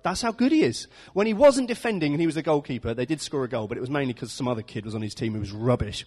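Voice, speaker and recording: A man's voice: fairly high pitch, huge pitch swings, fast, hardly any pauses, breathy edge. A man preaching an informal sermon, chatty and self-deprecating, often laughing at his own stories. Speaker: pastor. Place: church hall. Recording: echoey church hall.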